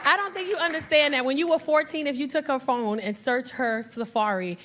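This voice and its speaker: A woman doing stand-up comedy on a club stage, brash and animated, acting out voices and working the crowd. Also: sits high, fairly quick, noisy background. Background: audience laughter.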